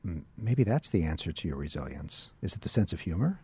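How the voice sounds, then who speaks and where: Low husky male interviewer. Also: big pitch swings, a little fast, dark tone. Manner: rambling questions with many restarts. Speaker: interview host. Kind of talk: interview conversation.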